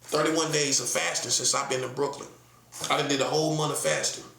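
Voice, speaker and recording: A man's voice: a little high, steady tone, brisk, vocal fry, bright, forceful tone, echoey room. A man from North Carolina with a Southern accent, preaching in a casual, emphatic monologue full of rhetorical questions and slang. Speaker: prophet.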